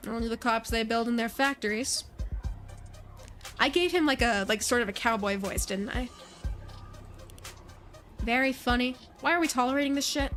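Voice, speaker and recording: A woman's voice: on the high side, a bit bright. A woman streamer reading a visual novel's dialogue aloud, voicing every character in a near-plain voice and adding brief asides.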